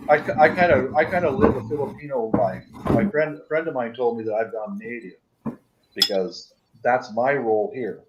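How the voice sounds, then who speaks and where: A man's voice: medium pitch, normal speed, heavy background noise. Guy rambling on a late night stream, stop-start stories, kinda muffled lo-fi sound. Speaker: livestream guest. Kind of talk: casual chat. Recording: dull lo-fi audio.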